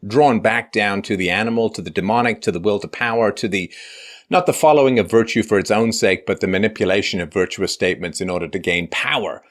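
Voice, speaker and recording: A man's voice: lowish voice, fast. A man hosting a conversation, arguing his points at length and building them with examples. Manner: argumentative, builds points with examples and acted quotes. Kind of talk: casual conversation.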